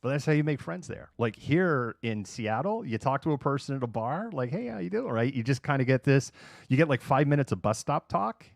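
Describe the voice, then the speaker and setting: A man's voice: medium pitch, expressive, brisk, no room sound, clean studio sound. A middle-aged man from Massachusetts, hosting a livestream in casual, sarcastic chat. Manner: chatty, sarcastic, acts out quoted people. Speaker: livestream host. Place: home room.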